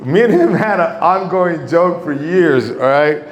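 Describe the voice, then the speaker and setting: Profane, rambling middle-aged comic. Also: male voice, fairly high pitch, a little slow. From Mexico. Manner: profane, rambling, animated with quoted voices. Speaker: stand-up comedian. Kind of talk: stand-up storytelling. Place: comedy club stage. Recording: echoey club room.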